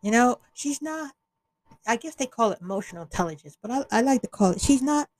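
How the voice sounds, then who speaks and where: A woman's voice: a little high, expressive, fairly quick, darkish tone, poor audio. A woman hosting an opinion podcast, talking bluntly and with exasperation, often restarting her sentences. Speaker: podcast host.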